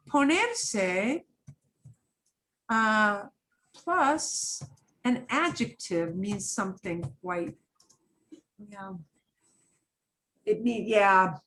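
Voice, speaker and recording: Middle-aged female Spanish teacher, lively pitch, unhurried delivery, acts out examples. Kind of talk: online class lesson.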